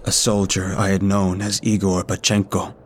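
Male horror story narrator: low voice, flat, measured delivery. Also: slight background noise.

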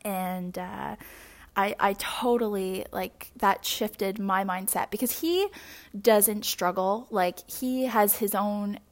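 A young adult woman hosts her own podcast in a personal, confessional monologue. She talks openly and rambles along, restarting sentences and filling pauses with little fillers. Her voice sits at an ordinary middle pitch. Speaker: podcast host.

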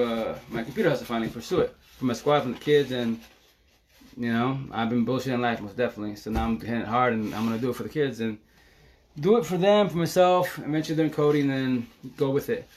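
A man rattling off a casual live-stream monologue at speed. His voice sits at an everyday pitch, and his talk is loose, slangy and profane, packed with fillers and restarts. He keeps the energy high throughout. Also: slight background noise. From Seattle area. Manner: fast, excitable, slangy and profane with constant fillers.

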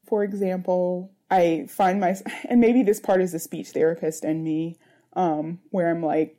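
A mother in her thirties talks things through in a personal interview. Her voice is deeply mellow and dark, and she pauses often to find her words. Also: fairly even intonation. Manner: earnest, searching, with many fillers.

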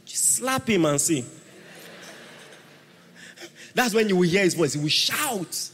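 A man preaching a sermon, emphatic, swinging from hushed asides to shouted exhortation. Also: high voice, animated, slow pace, slight background noise. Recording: long reverb of a large hall.

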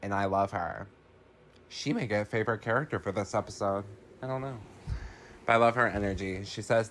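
A man's voice: fairly low pitch, brisk, a bit bright, a little hiss or hum. A man hosting a podcast, recapping a film in a loose, profane, casual way with many ums and likes.

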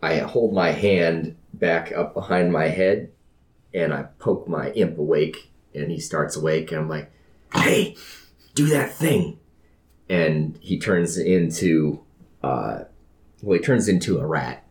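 A man's voice: a bass voice, measured pace, darkish tone, reverberant. A man playing a tabletop game, describing his character's actions and speaking in character with a dry, wry delivery. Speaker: player. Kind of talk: tabletop game role-play.

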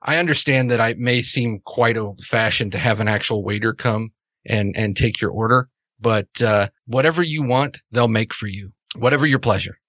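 A man voicing a courteous, wealthy gentleman host in a tabletop game, speaking slowly and politely. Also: fairly low pitch, dry recording, clean studio sound, lightly acted.

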